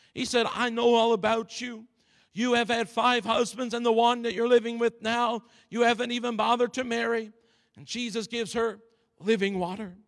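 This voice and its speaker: A man preaching a sermon in a slow, deliberate cadence. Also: extremely high pitch. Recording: long reverb of a large hall.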